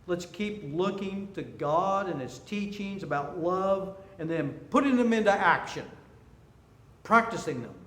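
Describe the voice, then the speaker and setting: High-pitched and fairly bright, this sixty-something seminar speaker brings animation to his stories and jokes. Faint noise and room echo color the recording of his storytelling talk.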